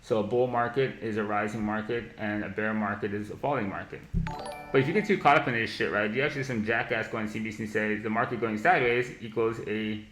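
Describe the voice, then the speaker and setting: A man with a lowish voice gives a live-stream trading lesson, blunt and heavy on profanity. He mocks ideas he thinks are silly and often laughs at them. The sound bounces around an echoey room. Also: fast talker, a bit bright, soft background music. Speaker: market analysis streamer.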